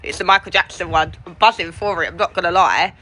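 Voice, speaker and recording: A woman's voice: on the low side, quick pace, bright, forceful tone. A middle-aged woman, chatting and gossiping with viewers on a livestream from outdoors, greeting them by name. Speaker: livestream host. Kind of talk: casual chat to viewers. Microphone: phone.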